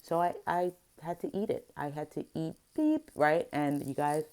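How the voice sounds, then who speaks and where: A woman's voice: low voice, moderate pace, a little mellow. A middle-aged woman telling an upsetting story in a confessional vlog, emotional and full of restarts. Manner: emotional, venting, with many restarts. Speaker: vlogger and therapist.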